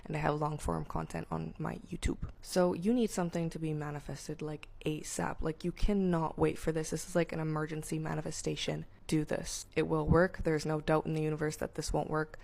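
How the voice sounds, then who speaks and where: A woman's voice: low-pitched, level tone, a little fast, creaky, hardly any pauses, a little mellow. A woman talking straight to camera as a manifestation creator, blunt and emphatic, swearing freely. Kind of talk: casual direct-to-camera monologue.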